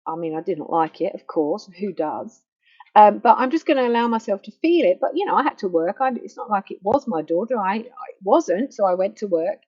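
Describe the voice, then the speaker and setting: A woman's voice: medium pitch, lively intonation, brisk, darkish tone, husky, no echo. A middle-aged woman counsellor giving an earnest, emphatic talk, repeating phrases for stress. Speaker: grief counsellor. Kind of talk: personal teaching talk. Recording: muffled faulty microphone.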